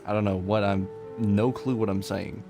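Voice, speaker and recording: A man streaming live from a warm room at home, chatting casually and jokingly with his chat and laughing often. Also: fairly low pitch, steady tone, normal speed. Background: faint game music.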